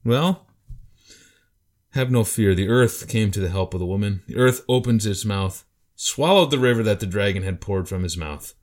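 A man with a lowish voice talks through scripture in a casual, conversational study. He tells the passages like an animated storyteller and now and then acts out the voices in them. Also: moderate pace. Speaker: podcast co-host teaching Bible passages. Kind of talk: casual Bible study talk.

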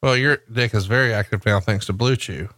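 A man's voice: fairly low pitch, a little fast, fairly bright tone, no room sound. A man hosting a podcast, telling a crude, teasing story about his co-host in casual chat.

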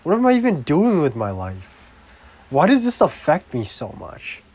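A young man in a casual video diary, rambling crudely and breaking into loud, profane, exasperated outbursts. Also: fairly high pitch, huge pitch swings, normal speed, breathy edge. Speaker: vlogger.

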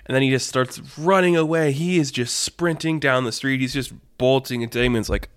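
Male podcast host, rambling casual storyteller, mid-pitched voice, dry close sound. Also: normal speed, few pauses, clear, resonant tone, no echo. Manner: animated, loose and rambling, full of fillers.

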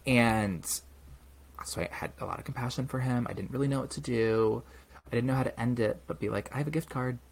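This podcast co-host is a young man with a medium-pitched, brisk voice that shows vocal fry. Chatting casually, he narrates a story with animation and does voices for the people in it.

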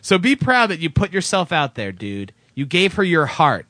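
A man hosting a podcast, reading listener letters aloud in a casual, animated way and laughing now and then. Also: a little high, moderate pace, no room sound.

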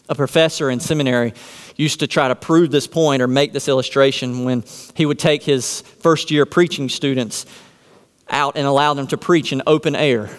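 A man's voice: fairly high pitch, smooth, long reverb tail. A man preaching a sermon from the pulpit, posing rhetorical questions and answering them with emphasis. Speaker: pastor.

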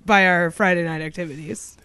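A woman's voice: on the low side, steady tone, a little fast, bright, forceful tone, clean tone, no room sound. A young woman co-hosting a podcast in casual chat, playful and teasing, laughing often. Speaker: podcast co-host.

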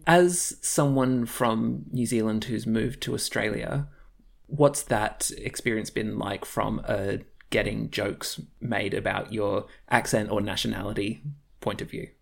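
Man, interviewer, husky, very gravelly, slow measured question. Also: fairly low pitch.

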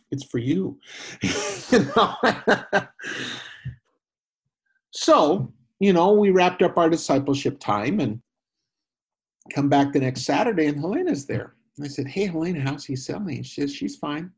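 Husky-voiced man telling a story. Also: medium pitch, brisk. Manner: animated retelling with quoted voices, laughs, frequent restarts. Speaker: guest, former missionary. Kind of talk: conversational storytelling.

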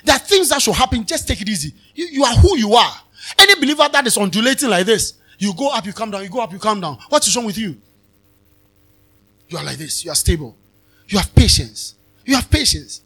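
A man preaching a sermon as pastor at a live convention, repeating phrases and swinging between soft talk and shouts. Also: high voice, very animated, fairly quick, husky.

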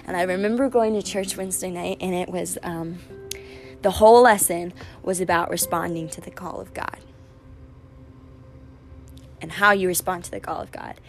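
Young woman, podcast host, low and fry-edged, casual rambling delivery with lots of fillers. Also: fairly even intonation, moderate pace, long pauses. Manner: chatty and rambling, full of "like" and "um". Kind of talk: casual faith-based podcast monologue. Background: music.

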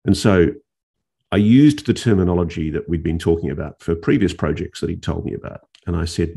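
A male journalist telling a story in an interview, animated, with restarts and dramatic pauses. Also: deep voice. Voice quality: gravelly, husky.

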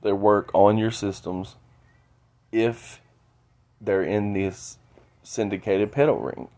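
A man talking alone into his podcast, stuffy from a cold, halting and often repeating words. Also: fairly low pitch, fairly even intonation, darkish tone. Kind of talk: solo monologue.

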